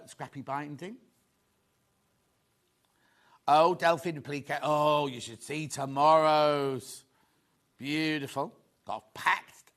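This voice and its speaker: A man presenting a live shopping show, chatty and excitable, rambling to the crew and viewers between sales. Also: on the high side. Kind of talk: live selling chat.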